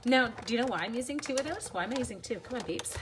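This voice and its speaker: A woman's voice: fairly high pitch, expressive, racing, background noise. A woman in her forties with the sniffles, chatting casually with viewers during a live crafting demo at home, self-deprecating and talkative. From Canada. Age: 40s. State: sniffly from sneezing. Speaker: crafting livestream host.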